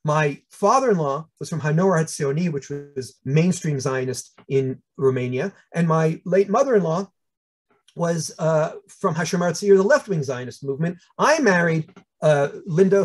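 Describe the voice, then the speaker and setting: A man in his sixties with a New York accent, telling funny personal stories in a lively talk. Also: fairly high pitch, husky. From United States. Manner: animated, humorous storytelling with voiced asides. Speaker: speaker. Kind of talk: storytelling talk.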